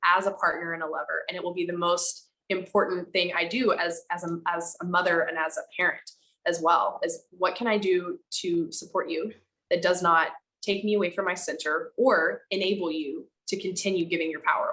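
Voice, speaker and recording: Woman on a podcast, kinda low voice, tells stories super candidly, says like a lot, does the voices of people she quotes. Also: a little fast, low-quality recording. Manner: animated, acts out quoted dialogue, frequent "like"; speaks frankly, with casual swearing. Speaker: podcast guest. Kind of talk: candid conversational storytelling.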